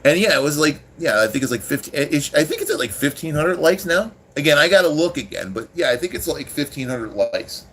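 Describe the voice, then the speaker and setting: A man's voice: a little high, very animated, a little fast, few pauses, fairly bright tone, slight background noise. A man hosting a casual livestream, rambling with many restarts and swearing freely as he talks to his chat. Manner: rambling, profane, irritated with chat. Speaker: livestream host.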